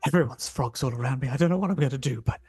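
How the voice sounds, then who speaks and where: A man playing a frantic, rapid-fire TV reporter. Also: mid-range voice, a little mellow, slightly rough, no echo, close to an everyday voice. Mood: panicked. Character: panicked TV field reporter, stubbornly dutiful.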